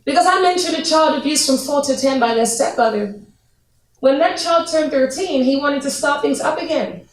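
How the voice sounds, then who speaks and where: Earnest high-voiced woman in echoey room. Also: moderate pace, recorded from a distance. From Trinidad and Tobago. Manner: earnest, pleading, candid. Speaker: anti-trafficking speaker. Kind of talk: public talk to an audience. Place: room with an audience.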